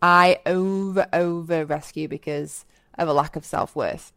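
Woman, podcast host, self-help monologue, earnest, motivational, lowish voice, dry close recording. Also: unhurried, clear, resonant tone, no echo. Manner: earnest, motivational, acts out quotes with lively voices. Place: lives in Bali.

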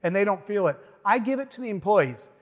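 A man's voice: high-pitched, very animated, fairly quick, long reverb tail. A man giving a motivational speech, telling a story with emphasis and acting out the dialogue. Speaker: business owner giving a speech.

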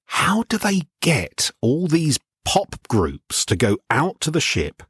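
A middle-aged man, a veteran radio DJ and self-described shy guest, telling animated stories in a radio interview. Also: on the high side, slow pace, husky, dry recording, clean studio sound.

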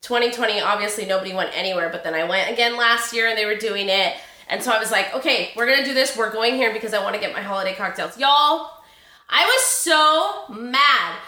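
A woman's voice: medium pitch, fast talker. Chatty woman in an echoey room. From Sacramento area, California. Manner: animated, acts out quotes, says y'all, laughs often. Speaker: podcast host. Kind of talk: chatty personal storytelling.

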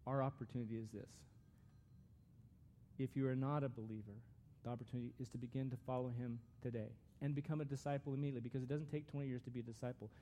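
Mellow-voiced man preaching. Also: medium pitch, fairly even intonation, fast, a little hiss or hum. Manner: conversational, earnest, with restarts. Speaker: pastor. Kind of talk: sermon.

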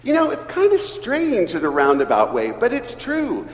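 A man, an Episcopal priest, preaching a sermon in an earnest, measured way. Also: very high voice, slight background noise. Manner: slow, earnest preaching with lively emphasis. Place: church. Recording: echoey church hall, distant mic.

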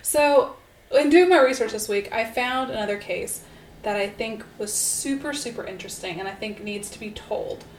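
A true-crime podcast co-host narrates a case in a casual, upbeat, chatty style with lots of fillers. She speaks at a moderate pace in a voice on the high side, and the recording has a roomy echo with faint hiss.

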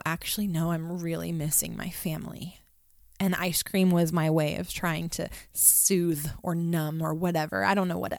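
A woman's voice: medium pitch, dry recording, clean studio sound. A woman in her thirties, a mother, talking earnestly and reflectively in a conversational way, with many ums and restarts. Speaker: mother telling a family story. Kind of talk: reflective personal talk.

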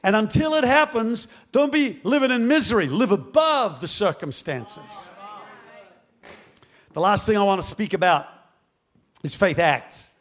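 A male pastor preaching a dramatic storytelling sermon that swings up to shouting. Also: sits high, animated, a little slow, long pauses.

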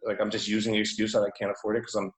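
A man telling a story in an animated, chatty way, laughing often and using many fillers. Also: lowish voice, very fast. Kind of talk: casual storytelling. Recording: roomy echo.

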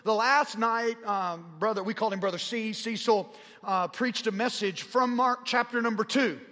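Fervent Southern preacher man, high voice. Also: moderate pace, bright, forceful tone. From Arkansas. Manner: rising in pitch and volume as he gets fervent. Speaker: pastor. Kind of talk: sermon storytelling. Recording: long hall reverb.

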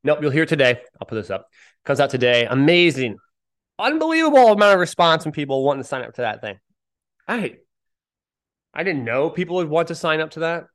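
A man's voice: fairly high pitch, fairly bright tone. A man hosting a podcast on his own, chatting casually in a rambling, self-deprecating and upbeat way. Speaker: podcast host. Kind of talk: casual solo podcast chat.

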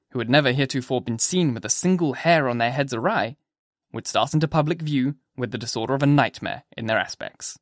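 Measured male audiobook narrator. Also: mid-range voice, no room sound, studio quality. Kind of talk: scripted narration.

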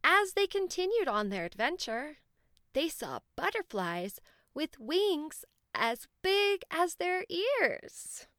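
A woman hosting a children's podcast, narrating a bedtime-style story in a gentle, warm way. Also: very high-pitched, very animated, takes it slowly, no room sound, studio quality.

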